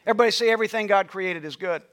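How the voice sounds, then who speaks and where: Preacher guy with a real high bright voice, call and response, gets shouty at times. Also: racing. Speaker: pastor. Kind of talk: sermon. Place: church sanctuary.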